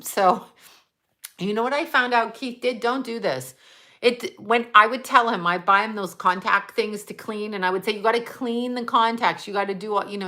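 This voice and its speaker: A woman's voice: mid-range voice, bright, forceful tone. A middle-aged woman hosting a casual livestream, rambling and laughing as she reads comments. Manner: rambling, laughing, chatty asides. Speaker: livestream host.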